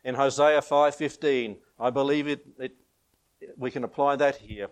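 A man's voice: mid-range voice, fairly even intonation, normal speed. Aussie guy preaching, keeps chuckling, voice swings up and down for emphasis. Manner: chuckles often, rises and falls in emphasis. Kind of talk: sermon.

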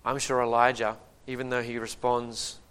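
Male preacher, mid-range voice, animated storyteller with a humorous touch. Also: medium pitch, moderate pace, clean tone. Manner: lively, humorous retelling with acted-out quotes. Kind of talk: sermon with storytelling.

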